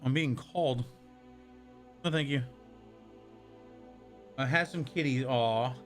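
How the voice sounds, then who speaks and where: A man's voice: medium pitch, slow, faint music behind. A young man chatting casually on a live stream, rambling and answering viewers from chat as he goes.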